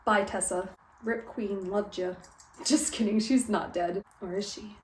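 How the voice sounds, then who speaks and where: A young woman giving a casual, lively book recap, full of "like" and quoted character lines. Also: medium pitch, a little slow, a little hiss or hum. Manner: chatty, lively retelling with quoted character voices and frequent "like". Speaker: book vlogger. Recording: echoey room.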